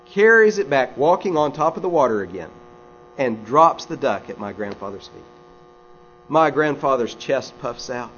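A man's voice: medium pitch, a bit bright. A man preaching a sermon, a folksy storyteller who drops conversational asides to his congregation. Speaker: pastor. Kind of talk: sermon with humorous stories. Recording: slightly dull recording with faint mains hum.

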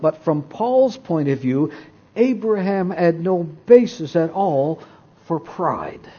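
A man preaching a sermon and reading scripture aloud, deliberate and emphatic, and asking his listeners rhetorical questions. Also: a little high, mellow, husky, muffled recording.

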